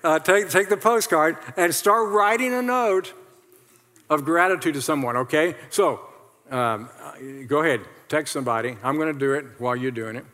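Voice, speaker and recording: A male pastor preaching a lively sermon, repeating lines and leading the congregation in call-and-response. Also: fairly high pitch, moderate pace. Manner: animated, repetitive, leads the congregation in call-and-response. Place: large church hall with congregation. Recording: long hall reverb.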